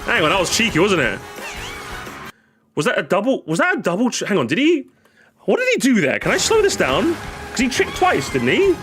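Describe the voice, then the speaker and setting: Lively, excitable male game streamer. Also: high voice, fairly quick, pauses often, soft background music. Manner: excitable, chatty, rambling with many restarts. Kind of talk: live game reaction commentary.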